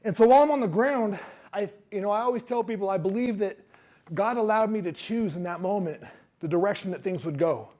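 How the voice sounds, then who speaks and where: A man giving a motivational talk to a live audience, telling his story in an animated way and acting out what others said. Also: high-pitched, brisk. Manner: animated storyteller who acts out quotes. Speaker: speaker.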